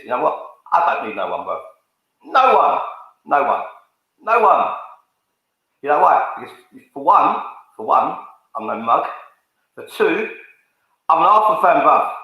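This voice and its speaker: A man's voice: on the high side, sharp tone. A man ranting angrily to camera for his fan channel, swearing and calling people out. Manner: confrontational, swearing, repetitive, calls people out. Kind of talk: angry rant to camera. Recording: very echoey room.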